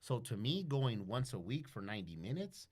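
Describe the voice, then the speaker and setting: A man chatting as a podcast guest, telling animated stories full of profanity and acting out everyday conversations. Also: medium pitch, moderate pace. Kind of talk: casual chat, storytelling.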